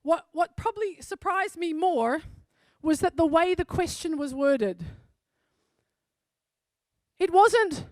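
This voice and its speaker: A woman's voice: very high-pitched, animated, takes it slowly, pauses often, darkish tone, no room sound. A woman pastor from South Africa giving a sermon, telling a personal story in an earnest, conversational way.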